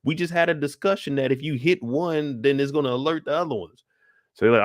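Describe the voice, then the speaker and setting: Brief: young man, profane and animated show recapper, tired, sighing, dry close sound. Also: on the high side, quick pace, no echo. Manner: profane, acts out scenes with voices and sound effects. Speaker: YouTube show recap host. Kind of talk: animated casual recap commentary.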